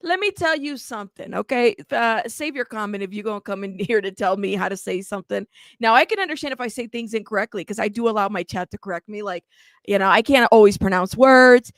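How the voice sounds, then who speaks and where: A woman hosting a true crime channel, talking in a casual, animated and sassy way, bilingual in Spanish. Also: mid-range voice, quick pace, dry recording. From United States. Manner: animated, sassy, frequent laughs. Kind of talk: casual livestream commentary.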